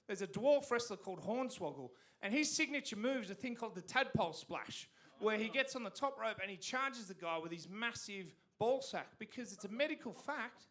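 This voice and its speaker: A man's voice: high-pitched, lively intonation, a little fast, few pauses, fairly bright tone. An Australian man telling a rambling, profane stand-up comedy story on a theatre stage.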